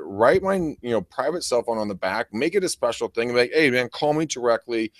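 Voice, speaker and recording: A middle-aged man co-hosts a podcast in loose, casual chat, rambling through a story with plenty of swearing and laughter. His voice sits at an ordinary middle pitch, and it comes across dry and close, with no room sound. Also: animated, brisk, no echo. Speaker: podcast co-host.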